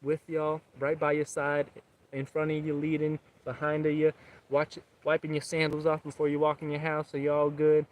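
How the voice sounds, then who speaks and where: A man's voice: a little high, completely flat delivery, normal speed. Earnest young man giving a pep talk outdoors. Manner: earnest, encouraging, rambling. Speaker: vlogger. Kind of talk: casual motivational talk. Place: outdoors, public area.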